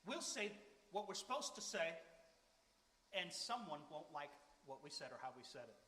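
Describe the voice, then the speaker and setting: A man's voice: fairly high pitch, sing-song, moderate pace, sharp tone. A man preaching a sermon in an earnest, emphatic, conversational way. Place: church sanctuary. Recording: echoey church hall.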